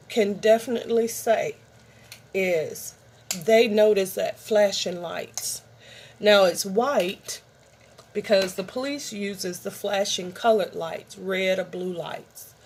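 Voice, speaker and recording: A woman's voice: medium pitch, darkish tone. A middle-aged woman vlogger in a rambling, chatty show-and-tell, talking straight to her viewers. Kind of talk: casual show-and-tell vlog.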